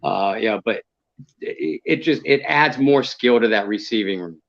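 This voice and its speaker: A man co-hosting a casual sports talk show, speaking in a measured, analytical way with many fillers. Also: fairly low pitch, animated, gravelly, dull audio. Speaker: co-host.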